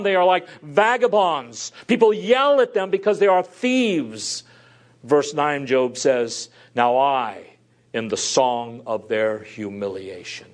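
Male preacher, slightly higher voice, earnest verse-by-verse sermon, loud and soft by turns. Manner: earnest, shifts between loud emphasis and soft drops. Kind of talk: expository sermon.

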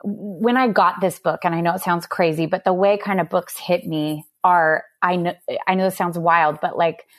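A woman's voice: lowish voice, steady tone, normal speed, hardly any pauses. A woman in her thirties, an author, telling a personal story in an earnest, candid way on a faith-based talk show. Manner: earnest storytelling with frequent laughs. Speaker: author guest. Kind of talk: faith-based podcast conversation.

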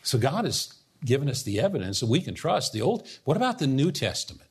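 A man's voice: medium pitch, big pitch swings, a little fast, slightly rough. A man preaching a sermon as pastor, teaching earnestly and putting questions to his congregation.

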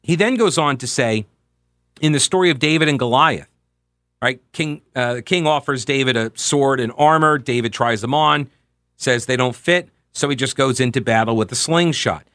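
A man's voice: mid-range voice, moderate pace, no room sound. Man, forties, radio talk show host, candid anecdotal monologue, mid-range voice, dry close mic. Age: 40s. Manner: candid, anecdotal, animated asides. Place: radio studio. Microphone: close studio microphone.

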